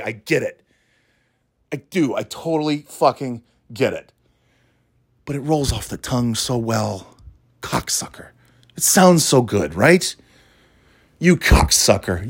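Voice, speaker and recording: A man's voice: medium pitch, slightly rough, no echo, clean studio sound. A man hosting a podcast, ranting angrily and sarcastically with lots of profanity. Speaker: podcast host. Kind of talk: angry ranting monologue.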